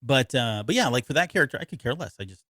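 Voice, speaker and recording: A man's voice: medium pitch, expressive, quick pace, a bit bright, no echo, studio quality. A man co-hosting a podcast in casual chat, rambling and self-interrupting, often laughing. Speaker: podcast co-host.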